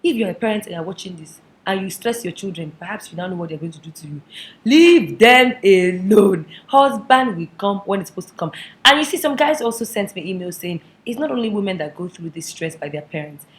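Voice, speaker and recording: A woman's voice: medium pitch, lively intonation, quick pace, a bit bright. A young woman delivers a comic advice monologue to camera. She talks in a sassy, conspiratorial way, leaning into every punchline. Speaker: vlogger.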